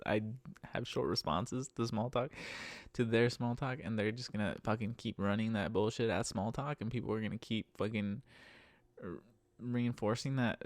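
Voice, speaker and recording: Gravelly man ranting, profane and exasperated. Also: moderate pace, dry recording. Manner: profane, exasperated, laughs often; animated, jumps into higher pitch when mocking. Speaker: podcast host and rideshare driver. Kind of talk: casual ranting monologue.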